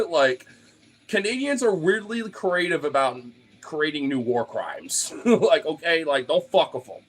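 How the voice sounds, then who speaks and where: A man's voice: on the high side, animated, moderate pace. Man ranting casually, profane and loose. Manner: profane, loose, filler-heavy with frequent laughs. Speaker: streamer talking to followers. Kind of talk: casual rambling rant.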